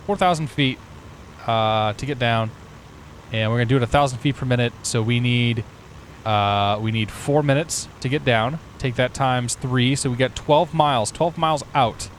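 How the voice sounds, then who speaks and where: A man's voice: mid-range voice, normal speed, slight background noise, rough recording. Chatty man streaming a flight sim. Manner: chatty, thinks aloud, greets viewers. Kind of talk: casual stream chat.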